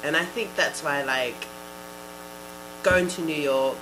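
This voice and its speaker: A young woman with a New Zealand accent, a rugby player telling lively stories as a guest in a casual interview, acting out quotes with lots of "like". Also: low voice, takes it slowly. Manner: storytelling, lively, acts out quotes, frequent "like". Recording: steady electrical hum behind.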